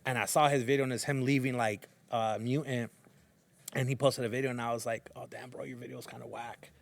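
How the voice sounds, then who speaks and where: A man in his thirties tells a long story on a podcast, in an easy chatty way. He acts out the lines people said to him, and "bro" comes up all the time. His voice sits at a middle pitch for a man. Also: brisk, gravelly. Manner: animated, acts out quotes, says bro a lot. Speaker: podcast host. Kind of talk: storytelling in casual chat.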